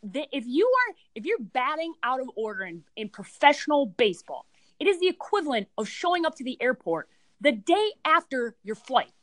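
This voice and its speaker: A woman's voice: high-pitched, sing-song, normal speed, dry recording, rough recording. A woman co-hosting a casual sports podcast, ranting in an emphatic, exasperated way. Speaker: podcast co-host.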